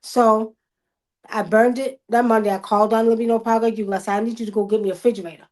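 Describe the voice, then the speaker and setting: A woman, telling stories casually on a video call livestream, animated, loudly acting out the quotes. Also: fairly high pitch, quick pace. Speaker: guest.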